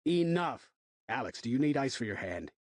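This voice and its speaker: A man voicing a big, authoritative male resident advisor who speaks firmly and commands calm. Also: medium pitch, normal speed, no echo, studio quality. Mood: commanding. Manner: firm, commanding.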